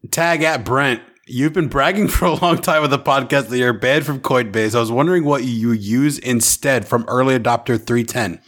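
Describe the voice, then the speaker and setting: A man's voice: medium pitch, normal speed, hardly any pauses, a bit bright. A man co-hosting a podcast, chatting in a playful, jokey way. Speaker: podcast co-host. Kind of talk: casual chat.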